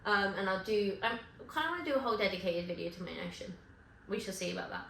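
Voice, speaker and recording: A woman chatting to camera in a loose, rambling way, stopping to correct herself and toss in little asides. Her voice is mid-pitched and bounces around an echoey room with a faint hum of ambience behind it. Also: expressive, fast, gravelly, fairly bright tone. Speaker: vlogger. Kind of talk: casual chat to camera.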